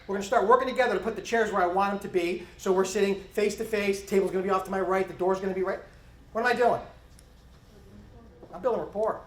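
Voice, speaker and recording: A middle-aged man who trains police officers gives an animated presentation in a conference hall, acting out bits of interview dialogue. His voice sits high, and the recording carries the hall's echo.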